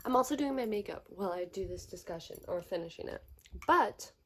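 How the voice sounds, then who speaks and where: A woman's voice: mid-range voice, animated, fairly quick, noisy background. A young woman chatting casually at home in a book vlog, gushing, swearing freely and laughing often. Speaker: book vlogger. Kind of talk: casual reading vlog chat.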